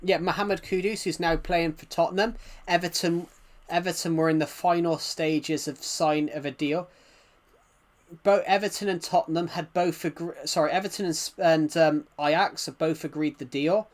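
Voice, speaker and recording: A man's voice: a little high, steady tone, moderate pace. A man with an English-Welsh border accent, chatting casually on a livestream, rambling and answering viewers' comments.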